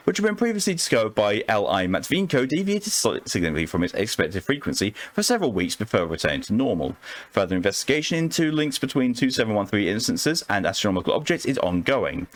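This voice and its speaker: A man's voice: on the low side, dry recording. A man streaming live, reading stories aloud and chatting casually between them, with offhand swearing.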